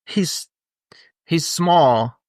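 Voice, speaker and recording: Animated man chatting about a movie. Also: fairly high pitch, extremely slow, no echo, clean studio sound. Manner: animated, laughs while recounting scenes. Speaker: podcast co-host. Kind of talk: casual movie review chat.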